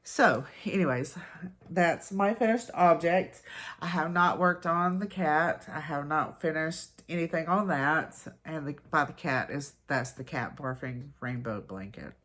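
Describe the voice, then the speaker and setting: A woman's voice: sits low, unhurried, a bit bright. A woman hosting a casual crochet chat at home, her nose stuffy from allergies, rambling and laughing at herself. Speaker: crochet podcast host. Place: at home, indoors.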